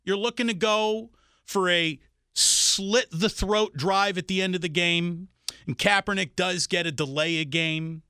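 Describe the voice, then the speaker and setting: A man's voice: sits high, measured pace, pushed and bright, clean tone, no echo, clean studio sound. A man hosting a sports radio interview, chatty and teasing his guest. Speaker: radio host.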